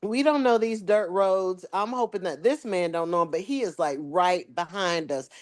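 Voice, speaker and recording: A woman tells a story in a relaxed podcast chat. She puts on the voices of the people in it, and her pitch leaps up and down as she goes. She has the easy rhythm of someone talking with family. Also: normal speed. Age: adult with children. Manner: animated storyteller, acts out quoted dialogue. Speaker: podcast co-host.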